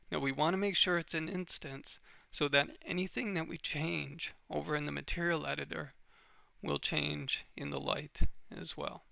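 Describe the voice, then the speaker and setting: A man giving a step-by-step software tutorial over a screen recording, explaining each click as he goes. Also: fairly high pitch, gravelly, no echo.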